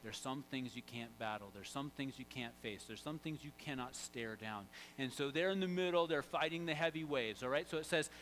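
Animated man preaching a sermon. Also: medium pitch, brisk, few pauses, a little hiss or hum, low-quality recording. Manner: animated, quizzes the congregation; swings from loud to hushed. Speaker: pastor.

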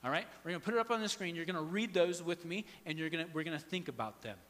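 Bright-voiced pastor preaching in a hall. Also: male voice, fairly high pitch, rapid-fire. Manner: conversational preaching, swings from hushed to loud and emphatic. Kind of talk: sermon. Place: church sanctuary. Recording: long hall reverb, faint hum.

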